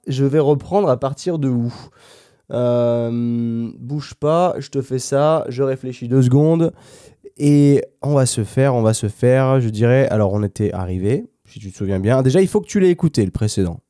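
Mellow-voiced French man, rambling unscripted. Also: medium pitch, moderate pace, no room sound, clean studio sound. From France. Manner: rambling, thinks aloud with frequent restarts and fillers. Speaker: host of an English practice podcast. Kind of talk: unscripted casual monologue.

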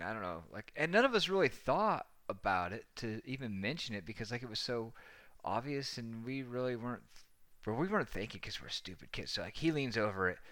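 Bright-voiced man telling a rowdy story. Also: mid-range voice, no room sound. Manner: rambling, profane, laughing often. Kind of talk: casual anecdote telling.

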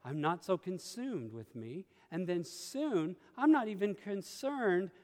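A man preaching a sermon with passion, swinging between hushed confiding and sudden exclamations. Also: sits high, big pitch swings, slow pace. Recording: long hall reverb.

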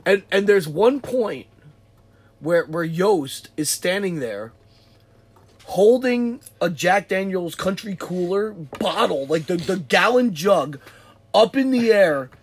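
A man with a husky, slightly raised voice tells a party story in casual chat. He stumbles and repeats himself as he works through the details. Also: high voice, expressive, slow. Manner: rambling, repeating words while telling the story. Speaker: friend chiming in on the story.

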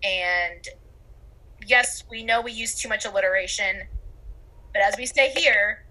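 A woman's voice: mid-range voice, unhurried, bright, forceful tone, rough recording. A young woman co-hosting a podcast in casual chat, teasing and laughing at herself. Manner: teasing, laughing, self-deprecating. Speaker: podcast co-host.

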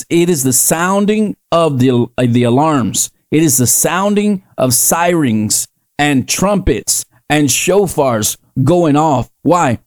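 A man's voice: on the high side, darkish tone, no echo. A man hosting a podcast, preaching in an emphatic, repetitive way that rises into fervent declarations. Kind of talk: preaching commentary.

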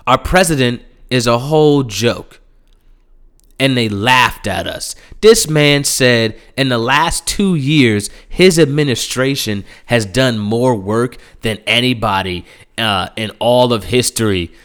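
A man hosting a solo podcast, ranting in a heated, profane way and often getting louder. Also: mid-range voice, animated, slow pace, smooth. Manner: profane, heated, swings into loud mocking impressions. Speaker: podcast host.

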